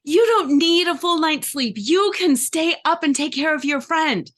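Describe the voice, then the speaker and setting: A woman's voice: high voice, expressive, unhurried, voice pushed up. A woman voicing a relentlessly upbeat inner cheerleader, pushing with toxic positivity. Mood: gushing. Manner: gushing, pushy toxic positivity.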